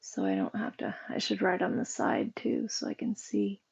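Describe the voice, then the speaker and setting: A woman's voice: medium pitch, sing-song, normal speed, vocal fry, a little mellow, husky, dull audio. A woman livestreaming, chatting casually and rambling with her viewers while she sorts boxes, and greeting them by name.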